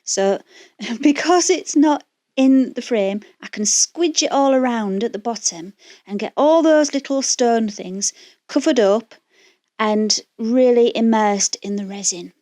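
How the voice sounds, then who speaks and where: A woman's voice: a little high, a little slow, darkish tone, dry recording, studio quality. A woman with a Yorkshire accent, chatting through a craft tutorial as voice-over in a rambling, self-deprecating way, with fillers and restarts. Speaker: resin craft channel host.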